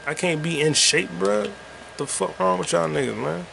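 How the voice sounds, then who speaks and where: A man's voice: on the high side, normal speed, gravelly, a bit bright, a little hiss or hum. A man hosting a rambling solo podcast while gaming, talking loosely and profanely with sing-song asides. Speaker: podcast host.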